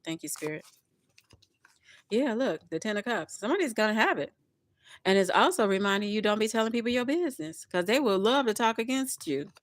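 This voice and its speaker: A woman giving a casual tarot reading to her viewers, chatty and expressive, often laughing and speaking to spirit. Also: a little high, fairly quick, no room sound. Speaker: tarot reader.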